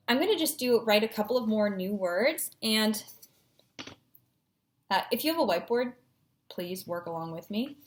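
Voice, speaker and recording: A woman's voice: medium pitch, slight background noise. A woman teacher giving a patient, encouraging phonics lesson at a whiteboard, sounding out syllables.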